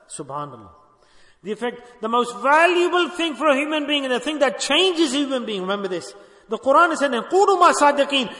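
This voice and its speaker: A man's voice: extremely high pitch, a bit bright. Older man preaching in an echoey hall. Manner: emphatic, asks the audience rhetorical questions. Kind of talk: sermon. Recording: echoey hall with long reverb.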